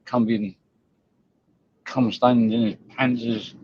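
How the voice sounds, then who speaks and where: A man's voice: mid-range voice, flat delivery, slow pace, a little mellow, slightly rough. A man hosting a live stream, ranting bluntly and scornfully at viewers and rivals, with frequent swearing. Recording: dull lo-fi stream audio.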